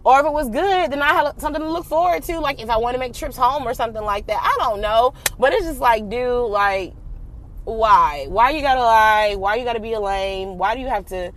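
Young woman, storytime vlog, slangy and blunt, animated, fairly high voice, faint traffic behind. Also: brisk. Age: young adult. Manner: candid, animated, swears freely, slangy. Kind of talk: casual storytime.

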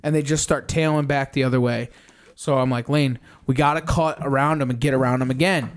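A young man on a podcast, casually recounting a hunt in animated detail, swearing often and acting out his own reactions. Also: mid-range voice, fairly quick, slight background noise. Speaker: podcast co-host. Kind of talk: casual storytelling recap.

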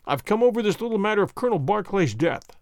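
A man reading an audiobook, voicing a cool, incisive detective who speaks in a calm, clipped way. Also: high-pitched, quick pace, dry recording, studio quality, pitched above the performer's own voice.

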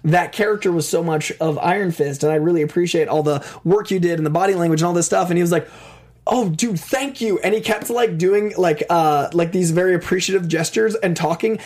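Hoarse man gushing in casual chat. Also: on the high side, quick pace, hardly any pauses, darkish tone. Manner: enthusiastic fan talk, many fillers. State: hoarse from lost voice. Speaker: co-host.

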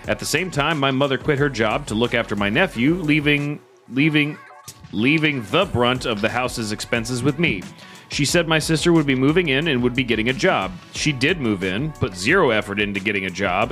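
A man co-hosts a comedy podcast, reading posts aloud word for word while stopping to joke about them. His voice swings widely in pitch, and his delivery is animated and full of laughing asides. Music plays faintly behind him. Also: fairly quick. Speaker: podcast co-host.

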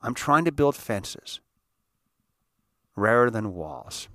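An older man tells a personal story in a rambling, emphatic way, often swinging from hushed to forceful. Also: medium pitch, sing-song, slow pace, no echo, clean studio sound. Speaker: host.

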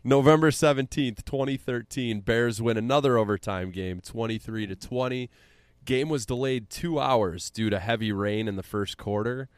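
A man's voice: mid-range voice, normal speed, clear, resonant tone, no echo. Tipsy Central Illinois man talking football. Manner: loose, joking, reads stats. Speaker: podcast host. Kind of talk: casual sports chat.

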